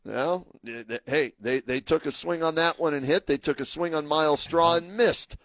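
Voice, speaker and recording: A man's voice: a little high, moderate pace, fairly bright tone, dry recording. A man co-hosting a sports radio show, chatting loosely about the team's payroll. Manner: chatty, loose, laughing asides. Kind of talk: casual sports talk radio banter.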